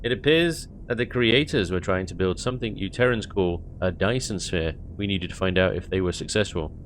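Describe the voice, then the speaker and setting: A man's voice: deep voice, a little fast, a little hiss or hum, lightly acted. A man voicing a pompous alien commander who pretends to be a human admiral, speaking in a stiff, overly formal way. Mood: lofty. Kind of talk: reading in-game dialogue aloud in a voice.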